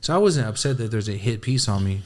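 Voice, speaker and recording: A man chatting casually as a podcast guest, telling a story in an animated way with heavy slang and lots of swearing, acting out his own reactions. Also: lowish voice, fast talker. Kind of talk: casual chat.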